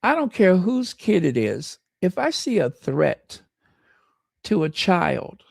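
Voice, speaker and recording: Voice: medium pitch, very animated, slow pace, vocal fry, darkish tone, no room sound, studio quality. An American host giving impassioned, emphatic livestream commentary and reading viewer comments aloud. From United States. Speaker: channel host.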